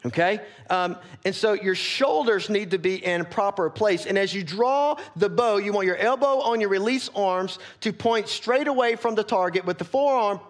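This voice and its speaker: A man preaching a sermon as pastor, earnest and candid, often checking in with his listeners and growing soft and quiet when he gets personal. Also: high voice, moderate pace, few pauses. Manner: earnest, candid, asks the congregation for agreement.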